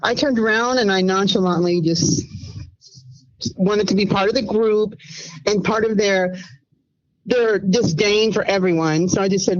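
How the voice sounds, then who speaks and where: A woman in her fifties calling in anonymously, telling her story in an animated, rambling way and acting out what others said. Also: medium pitch, a little slow, long pauses, dull audio. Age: 50s. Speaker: anonymous caller. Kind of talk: casual storytelling.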